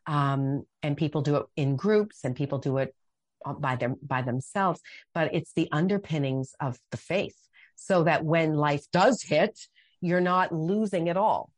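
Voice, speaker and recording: A woman's voice: low-pitched, a little slow, no echo. A middle-aged woman speaking passionately as a guest on a faith interview, acting out her own prayers and quotes. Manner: impassioned, dramatic acted-out quotes.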